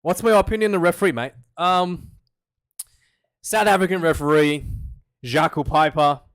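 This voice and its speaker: A man streaming casual live commentary on a match, chatty and jokey, prone to loud incredulous rants. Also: on the high side, normal speed.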